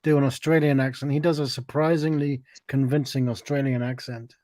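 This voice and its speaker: A man's voice: mid-range voice, fairly even intonation, fairly quick, mellow, dry recording. A man in casual chat on a live stream, chatty and teasing.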